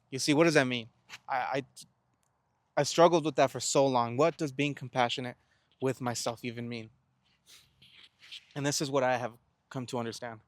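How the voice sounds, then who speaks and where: A young man talking to the camera in an earnest, reflective self-help monologue, often posing rhetorical questions and stumbling over repeated words. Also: mid-range voice. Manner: earnest, asks rhetorical questions and answers them; stammers and restarts words.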